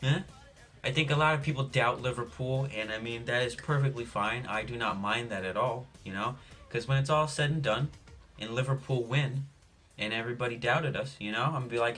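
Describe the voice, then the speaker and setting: Young male vlogger, dry deadpan delivery, rambling jokey asides, faint background music. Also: medium pitch, a little fast. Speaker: sports vlogger. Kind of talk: jokey sports preview monologue.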